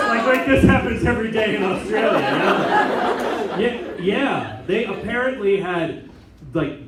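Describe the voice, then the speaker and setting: Brief: American man, a chaplain at an informal talk, bouncy delivery, slightly high voice, lots of asides. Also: a little hiss or hum. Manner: animated storytelling with many asides and laughs. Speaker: Catholic priest and chaplain. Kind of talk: informal talk to a student group. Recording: echoey room, mic at a distance.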